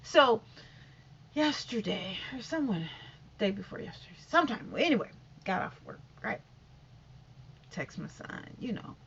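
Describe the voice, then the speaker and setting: A woman's voice: medium pitch, very animated, a little slow, pauses often, a bit bright, slight background noise. A middle-aged woman vlogger telling a casual story-time monologue, rambling with lots of fillers and restarts and acting out every exchange. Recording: dull lo-fi audio.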